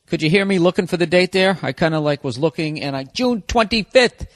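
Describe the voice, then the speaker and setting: Profane, high-voiced man ranting on a podcast. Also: fast. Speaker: podcast host. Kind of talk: casual solo podcast monologue.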